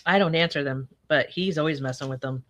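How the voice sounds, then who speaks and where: A woman with a low-pitched voice hosts a casual live chat, talking fairly quickly and freely. She laughs often while telling stories, acting out her husband's lines.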